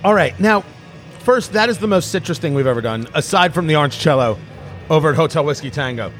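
A man's voice: fairly high pitch, lively intonation, a little fast, fairly bright tone, soft background music. A middle-aged man hosting a casual tasting chat, rambling and restarting his sentences with a joking tone. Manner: rambling, self-interrupting, jokey. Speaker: podcast host.

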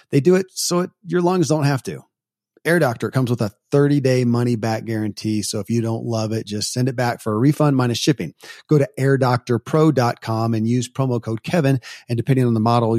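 A man's voice: mid-range voice, darkish tone, no room sound. Male podcast host, thoughtful and dry-voiced. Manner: thoughtful, searching questions with restarts. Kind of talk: interview and ad read. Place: home studio, dry sound.

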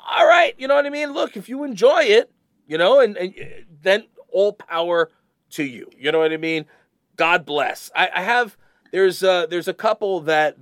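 A man co-hosts a podcast in loose, casual chat. He is excitable and rambling, repeating words as he goes. His voice sits high and swings widely, with dry, close sound. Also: no room sound. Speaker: podcast co-host.

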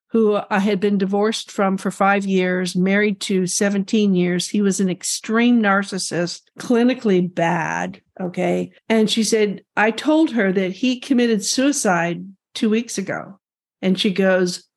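An older woman from California talks through her past as an interview guest, chatty and animated, acting out what people said to her. Her voice sits at a middling pitch. She comes through a remote call. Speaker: guest, energy healer. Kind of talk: storytelling interview.

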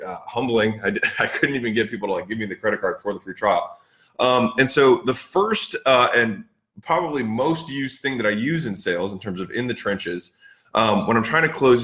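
A man's voice: on the low side, a bit bright, reverberant. Rambling man acting out old sales talks. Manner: rambling, filler-heavy, acts out past dialogue. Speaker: podcast host. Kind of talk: casual business talk.

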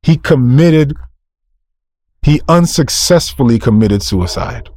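A man's voice: medium pitch, lively intonation, slow pace, darkish tone. A male preacher delivering a sermon, emphatic, firing off rhetorical questions, answering them himself and repeating key phrases.

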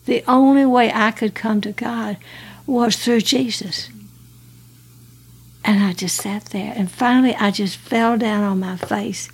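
With a fairly high, breathy-edged voice, steady tone and measured pace, a guest in her 80s from Alabama, US, delivers her personal testimony. She tells of her life earnestly, laughing and restarting as she goes.

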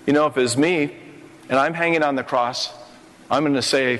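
A man's voice: a little high, normal speed, fairly bright tone. Older man preaching in an echoey hall. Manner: impassioned preaching with rising emphatic phrases. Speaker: pastor. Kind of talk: sermon on a conference stage. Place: conference hall stage. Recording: long hall reverb.

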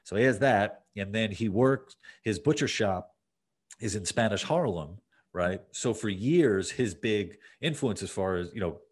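Deep-voiced male podcast host. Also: lively intonation, measured pace, husky. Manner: rambling, many fillers and restarts. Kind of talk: casual conversation.

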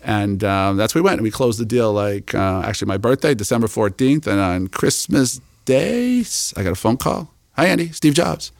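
A man telling a story as an interview guest, animated and acting out the people he quotes. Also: lowish voice, moderate pace, hardly any pauses, no room sound, studio quality.

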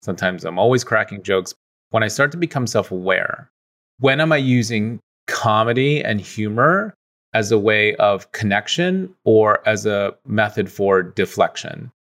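Guy with a lowish voice, chill and thoughtful, lots of "like"s, podcast chat. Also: lively intonation, measured pace, fairly bright tone. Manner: reflective, easygoing, many "like" fillers. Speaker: podcast guest. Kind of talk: casual conversation.

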